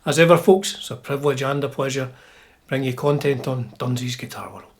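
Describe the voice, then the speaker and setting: A man's voice: medium pitch, fairly even intonation, fairly quick, very noisy. A Scottish man hosting a guitar channel, chatting casually with wry jokes and muttered asides. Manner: wry, chatty, drops to asides under his breath. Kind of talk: casual chat.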